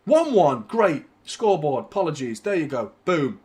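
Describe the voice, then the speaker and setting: A man hosting a live football watchalong, talking casually to his audience, often swearing and getting loud and frustrated about the match. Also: on the high side, normal speed. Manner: ranting, swearing, frustrated, shouting when excited. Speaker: football channel host.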